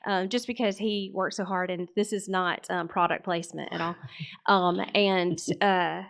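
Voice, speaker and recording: A woman's voice: on the low side, moderate pace, gravelly. A woman, telling stories in a casual interview with lots of laughter. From Mississippi. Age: 40s. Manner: laughing, lively storyteller. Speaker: podcast guest, real estate coach.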